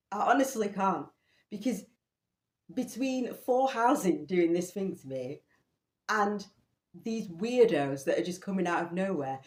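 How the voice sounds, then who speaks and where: A woman telling a personal story in an animated, incredulous way, often laughing. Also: mid-range voice. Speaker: vlogger. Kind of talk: storytelling monologue. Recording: roomy echo.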